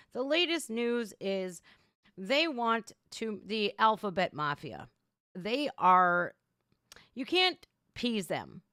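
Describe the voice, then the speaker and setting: A blunt woman hosting her own livestream, ranting in a sarcastic, animated way. Her voice sits at an ordinary middle pitch. It is recorded dry and close, with no room sound. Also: smooth, no echo. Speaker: livestream reaction host. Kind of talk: casual opinionated livestream talk.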